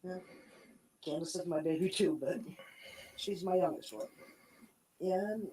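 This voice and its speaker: An older woman, a grandmother, speaking with soft-spoken grief in an interview clip. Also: on the low side, a little slow, slight background noise, rough recording. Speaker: grandmother of a missing child.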